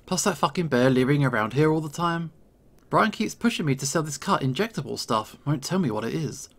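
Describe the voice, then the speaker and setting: A man voicing a calm, lackadaisical young fox dealer in a visual novel, laid-back and full of swearing. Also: a little high, fairly quick. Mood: annoyed.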